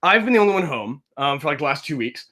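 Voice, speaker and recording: Speaking fast in a voice on the high side, a young game master and podcast host animatedly spins a casual story. He restarts often, says "like" a lot, and voices the characters himself.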